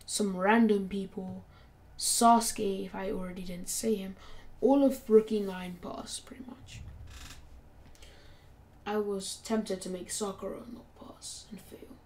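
A woman's voice: medium pitch, darkish tone. A woman casually narrating a fan story in a slangy, profane, rambling way.

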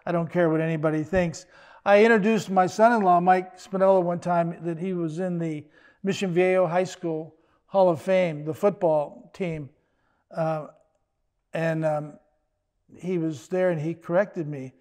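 High-voiced older man preaching. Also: steady tone, a little mellow. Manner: conversational, joking asides with quick restarts. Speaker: pastor. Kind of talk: sermon.

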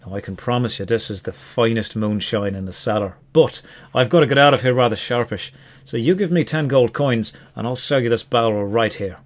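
A man's voice: mid-range voice, a little fast, natural voice. A man voicing a frail, shifty white-haired male elf with an Irish manner, pushy and impatient. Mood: hurried.

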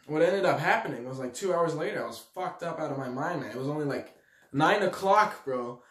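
A young man from Switzerland telling a story to his audience in a slangy, animated way, acting out the quotes loudly. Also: fairly high pitch, brisk. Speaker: vlogger. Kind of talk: storytelling to camera. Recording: echoey room.

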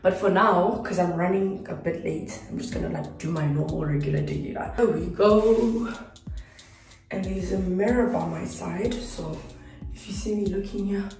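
A young woman from South Africa chatting casually to her phone camera at home while getting ready, her voice hoarse and half gone, rambling and correcting herself with little laughs. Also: mid-range voice, a little mellow. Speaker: YouTuber vlogging. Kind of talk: casual vlog chat to camera. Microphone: phone on a tripod.

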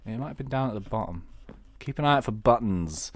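A man's voice: fairly low pitch, lively intonation, fairly quick, slight background noise. A young British man giving casual, joking gameplay commentary as a let's-player. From Britain. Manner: chatty, joking, upbeat.

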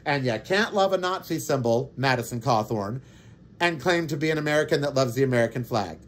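A man's voice: medium pitch, animated, a little fast. A man hosting a podcast, delivering an indignant, sarcastic political monologue. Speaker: podcast host.

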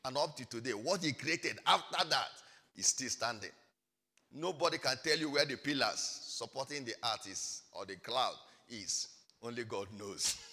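A man preaching a sermon as pastor, swinging between hushed asides and loud, shouted exhortation. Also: medium pitch. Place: large church hall. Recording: church hall reverb.

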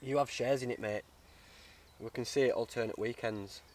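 A man's voice: mid-range voice, normal speed, a little mellow, slight background noise. A man vlogging outdoors in the woods, chatty and heartfelt, often calling the viewer mate. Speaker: bushcraft vlogger. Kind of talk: casual outdoor vlog.

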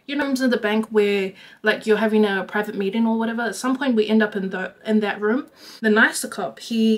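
A young woman with a slightly high voice tells a story to her vlog viewers. She talks casually and animatedly, with "like" peppered all through her sentences. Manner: chatty, animated, lots of "like". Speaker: vlogger.

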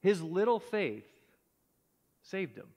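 Male preacher, high-pitched voice, earnest with hushed drops, in a church hall with a long echo. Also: very animated, takes it slowly. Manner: earnest, drops to a hushed low voice at key points. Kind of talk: sermon. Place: church sanctuary.

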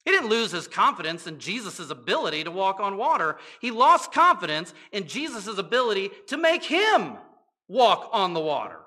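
Male pastor, high and very bright voice, chatty sermon delivery with rhetorical questions. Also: very animated, normal speed. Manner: conversational preaching with rhetorical questions and playful asides. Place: church.

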